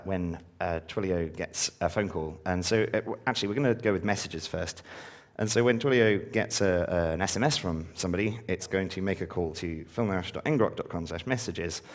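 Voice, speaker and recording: A man's voice: low-pitched, fairly quick, few pauses. A man giving a casual live-coding talk to a conference audience, full of ums and uhs. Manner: casual, filler-heavy, upbeat when engaging audience. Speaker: conference speaker.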